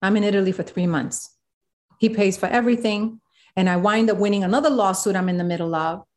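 A woman, a guest in an interview, telling a story with animated quoted voices. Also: medium pitch, fast. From South Bronx, New York. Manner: animated, acts out quotes of others.

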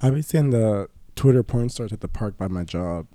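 A man co-hosting a podcast, telling stories in a blunt, profane, deadpan way. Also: fairly low pitch, moderate pace, dry recording. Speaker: podcast co-host. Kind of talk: casual chat.

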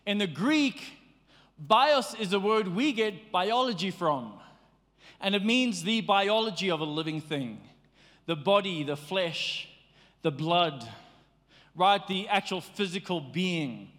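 A man preaching a sermon in a lively, conversational way, slipping into playful acted asides. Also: high voice, in a large hall. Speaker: pastor.

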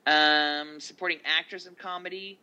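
A man with a fairly high and very bright, forward voice co-hosts a casual podcast. He runs down a list of names, dropping quick offhand comments between them. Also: steady tone, highs cut off. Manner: reads down a list of nominees with quick asides. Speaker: podcast co-host.

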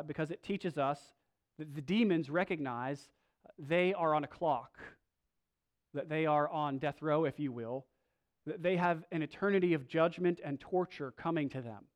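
A male preacher gives a sermon as if talking with friends. His voice sits a bit high for a man. He stumbles and restarts, then swings between loud bursts and quiet asides. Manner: conversational, with filler words and restarts.

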